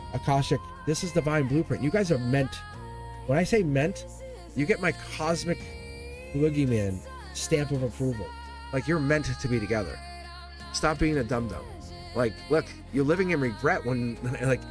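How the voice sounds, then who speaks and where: Male live tarot reader, chatty and teasing, animated delivery, clear music bed behind. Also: mid-range voice. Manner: chatty, teasing, laughs often. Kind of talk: live-stream tarot reading. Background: background music.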